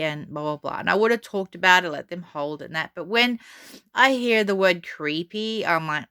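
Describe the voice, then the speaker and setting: A woman's voice: lowish voice, normal speed, bright, forceful tone, clean tone, no echo, studio quality. A middle-aged woman telling a story for her vlog in a chatty, rambling way, full of restarts and fillers, and defiant about what others think. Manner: defiant, unbothered. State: frog in her throat. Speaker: vlogger.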